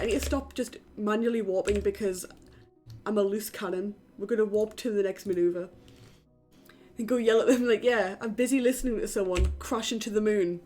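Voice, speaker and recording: Young uk woman streaming games from her flat, chatty and sweary, soft music in the background. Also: mid-range voice. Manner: chatty, casual swearing, talks to chat. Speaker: game streamer. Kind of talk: casual live-stream chat. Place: home in a flat.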